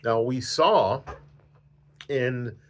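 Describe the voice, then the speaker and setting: Slow, patient male flute teacher. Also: mid-range voice. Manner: patient, repetitive, counts in. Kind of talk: video music lesson.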